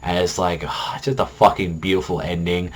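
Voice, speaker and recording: A man's voice: deep voice, little pitch movement, normal speed. A young man reviewing an anime episode in a casual, rambling way, swearing often and filling gaps with "like" and "you know". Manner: rambling, heavy swearing and filler words.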